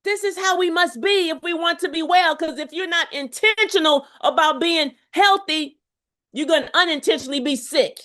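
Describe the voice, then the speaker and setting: A woman's voice: extremely high pitch, normal speed, pushed and bright. A middle-aged woman from Houston, a health coach talking emphatically to her viewers, repeating phrases and calling out to them. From Houston, Texas. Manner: emphatic, preacherly, repeats phrases and calls on the audience. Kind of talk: live health challenge talk to viewers.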